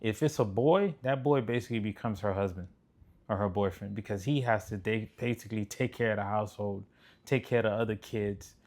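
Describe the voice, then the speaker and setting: A man's voice: lowish voice, a little fast, darkish tone. A man giving blunt, preachy commentary on relationships, swearing freely as he reacts to clips. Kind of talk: casual commentary.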